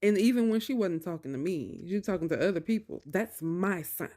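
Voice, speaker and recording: A woman hosting a podcast, telling a personal story in an animated, conversational way with drawn-out emphasis. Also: mid-range voice. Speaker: podcast host.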